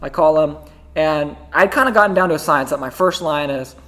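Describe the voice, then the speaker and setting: A young man hosting a podcast, telling a story in a casual, animated way, full of "right?" and "like". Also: on the high side. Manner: animated, fast-talking, lots of "right?" and "like". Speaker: podcast host.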